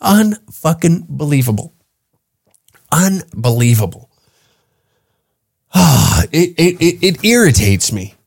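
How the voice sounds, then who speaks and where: A man from Canada hosts his own comedy podcast in a solo rant, swearing freely and getting heated as he goes. His voice sits a little higher than most men's. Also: sing-song, takes it slowly, creaky, long pauses, slightly rough. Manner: profane, heated ranting. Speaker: podcast host and stand-up comic.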